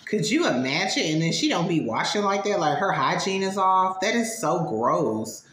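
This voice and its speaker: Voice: medium pitch, sing-song, moderate pace, a bit bright, echoey room, slight background noise. A reaction video host giving blunt, sassy commentary in a casual way.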